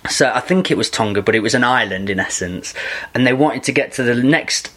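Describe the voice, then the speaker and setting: A man's voice: medium pitch, animated, a little fast, fairly bright tone. A man in casual podcast chat, an enthusiastic and rambling storyteller who laughs often.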